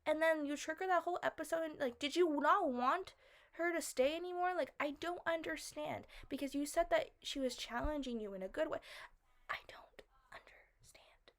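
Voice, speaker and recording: Woman, rambling casual review, full of "like", pitched a bit high, puzzled questioning tone. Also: a little fast. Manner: rambling, fills with "like" constantly. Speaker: vlogger reviewing a film.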